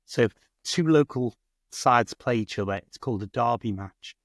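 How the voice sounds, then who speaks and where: A man's voice: medium pitch, moderate pace, no echo. Scouse man explaining, dry close sound. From Liverpool, England. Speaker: guest, English teacher. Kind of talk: casual chat.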